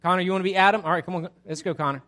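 An energetic male pastor leading an interactive sermon. His voice sits slightly high. He talks in a chatty way and often restarts his sentences. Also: very fast.

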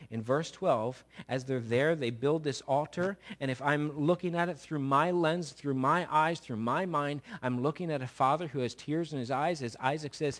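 A man preaching a sermon, retelling scripture dramatically, acting out the voices and swinging from loud to hushed. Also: fairly high pitch.

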